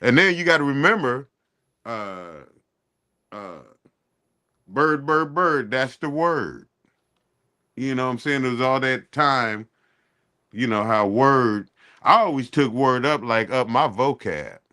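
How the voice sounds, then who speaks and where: A man's voice: medium pitch, expressive, measured pace, sharp tone, clean tone. A man hosting a casual radio chat, laid-back and peppering his talk with you know what I'm saying.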